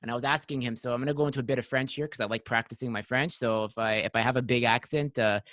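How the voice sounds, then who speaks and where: Emphatic podcast host, lots of "like". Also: male voice, medium pitch, fairly even intonation, rapid-fire, fairly bright tone, no room sound. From Quebec. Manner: emphatic, repeats himself, many "like" fillers. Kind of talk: casual chat.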